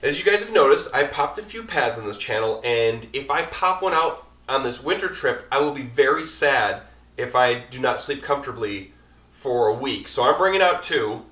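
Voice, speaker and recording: A chatty, rambling man talks casually through his gear as an outdoor vlogger. His voice sits at an ordinary middle pitch. The room is roomy, and the mic is set back from him. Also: sharp tone, recorded from a distance.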